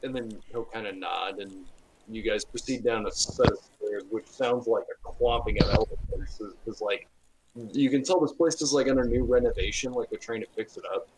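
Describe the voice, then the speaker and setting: A man's voice: on the low side, moderate pace, darkish tone, a little hiss or hum, poor audio. A man running a tabletop game as game master, narrating with many fillers and restarts.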